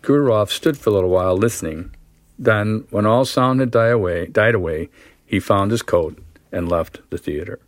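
A man reading a story aloud at a measured pace, then explaining it with casual fillers as a teacher. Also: lowish voice, expressive, no echo. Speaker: literature teacher.

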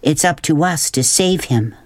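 A woman's voice: low voice, expressive, measured pace, no echo. A woman reading a storybook aloud, voicing an eager, bossy young girl with an urgent, insistent manner.

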